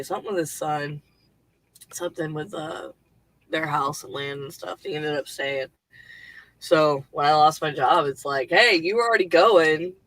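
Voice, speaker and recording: A woman's voice: on the low side, fairly bright tone, dry recording, poor audio. A woman hosting a casual livestream from her home computer on a headset, rambling loosely with lots of fillers and the odd swear word. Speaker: livestream host and writer.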